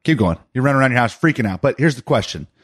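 A man's voice: medium pitch, lively intonation, rapid-fire, husky, dry recording, clean studio sound. Teasing middle-aged man in casual chat. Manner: teasing, ribbing questions. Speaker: podcast co-host.

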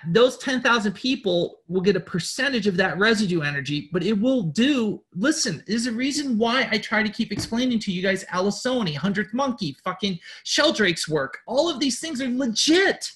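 The host's voice sits high with a bit of brightness. Blunt and profane, he preaches through a spiritual pep talk, pushing ahead while repeating his words and restarting his sentences.

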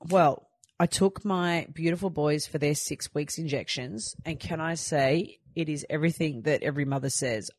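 Brief: female podcast host, low voice, chatty storyteller, dry close sound. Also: a little mellow, no echo. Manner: chatty, storytelling, rambling asides. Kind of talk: casual chat.

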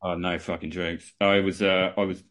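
A young man with a fairly low voice tells work stories as a guest on a relaxed chat show. He talks in lively bursts and laughs as he goes. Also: normal speed. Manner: animated anecdotes, laughing through the story. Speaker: guest, music promoter. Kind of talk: casual storytelling chat.

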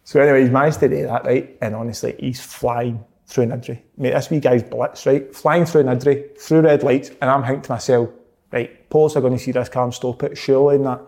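A man's voice: mid-range voice, fairly quick, creaky. Scottish guy telling a wild story, laughs a lot, does everyones lines. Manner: animated, laughs often, acts out quotes. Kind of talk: casual storytelling.

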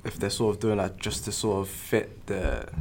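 A man's voice: fairly low pitch, normal speed, a little mellow, a little hiss or hum. A man co-hosting a book podcast, rambling in casual chat with many fillers. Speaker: podcast co-host.

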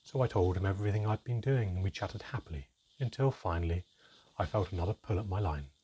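A man narrates a story in measured, scripted storytelling. His voice sits very low, and the tone is exceptionally smooth and resonant. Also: mellow. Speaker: audiobook narrator.

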